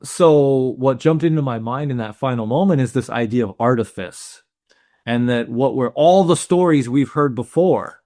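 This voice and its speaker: A man's voice: medium pitch, warm tone, no room sound, studio quality. A man co-hosting a film podcast, talking things through thoughtfully in casual chat, often restarting his sentences. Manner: thoughtful, halting, with restarts and questions. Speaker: podcast co-host.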